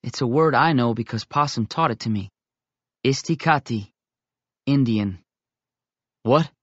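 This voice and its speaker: A man narrating a first-person audiobook in a steady, measured storytelling voice. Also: mid-range voice, dry recording, highs cut off.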